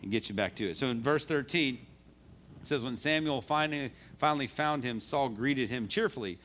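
A man's voice: medium pitch, brisk, fairly bright tone. A man preaching a sermon in a conversational way, repeating words as he talks and reading scripture aloud. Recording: live service recording.

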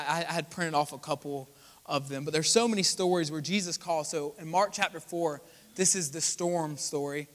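A young man preaches to his congregation, his high, bright voice carrying through a church sanctuary with long reverb. He talks in a loose, conversational way, acts out the voices he quotes and keeps turning to the people with asides. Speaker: pastor. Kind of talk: sermon.

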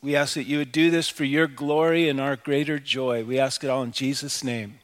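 A man's voice: medium pitch, fairly even intonation, normal speed. A middle-aged man preaching a sermon as pastor, speaking in a conversational, reflective way with personal asides. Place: church sanctuary. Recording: live church hall reverb.

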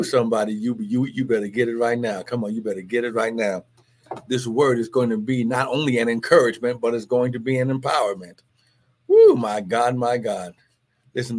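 A man preaching and praying on a live stream, fervent, with many exclamations and calls to agree. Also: medium pitch. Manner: fervent, call-and-response exclamations. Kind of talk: live-streamed sermon and prayer.

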